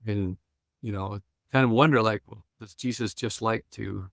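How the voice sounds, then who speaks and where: Low gravelly-voiced older man storytelling. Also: moderate pace, a bit bright, dry recording, studio quality. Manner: retells scenes acting out quoted lines, chuckling. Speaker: guest Bible scholar and pastor. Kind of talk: animated storytelling on a podcast.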